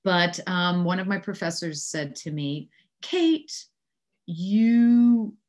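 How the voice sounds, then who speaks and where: Low-pitched American woman, 60s, New Yorker; lively storyteller who laughs as she talks. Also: moderate pace. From New York City. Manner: animated anecdotes, frequent laughter. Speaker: actress, interview guest. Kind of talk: casual storytelling interview.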